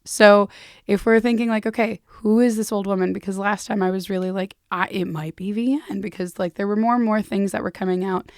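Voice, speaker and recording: A woman co-hosting a podcast, recapping a novel in casual chat and lively acting out the characters' lines. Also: mid-range voice, normal speed, clear, resonant tone, no room sound, studio quality. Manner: animated storytelling, acts out characters' lines, swears, laughs. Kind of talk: casual book-club chat.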